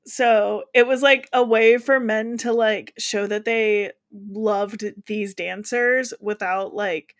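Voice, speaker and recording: A woman's voice: medium pitch, steady tone, slow, few pauses. An American woman co-hosting a casual podcast, chatting and laughing often as she tells drink history. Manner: chatty, laughs often, reads quotes aloud. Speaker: podcast co-host.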